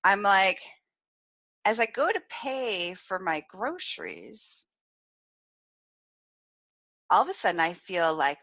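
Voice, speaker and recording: Speaking a little high and unhurried, with long pauses, a woman hosts a live-streamed storytelling podcast; the highs are cut off. She's animated, laughs often, and acts out the voices she quotes.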